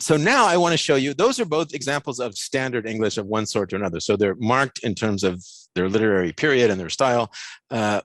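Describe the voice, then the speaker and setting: American male lecturer, low voice, dry sound, easygoing and self-deprecating, lots of ums. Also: no echo. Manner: relaxed, self-deprecating, many fillers. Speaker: guest lecturer. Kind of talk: academic seminar talk.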